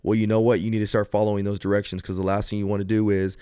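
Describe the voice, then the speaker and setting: A man's voice: on the low side, level tone, racing, warm tone, smooth, dry recording, clean studio sound. A man, a police officer hosting a podcast on his own, explaining step by step in an earnest manner with frequent restarts and fillers. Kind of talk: solo podcast advice talk.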